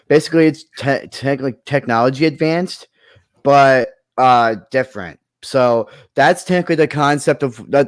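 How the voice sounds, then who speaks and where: Man, casual chat, rambling, smooth voice, dry sound. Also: mid-range voice, dry recording. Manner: rambling, full of fillers and restarts. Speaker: creator pitching movie ideas.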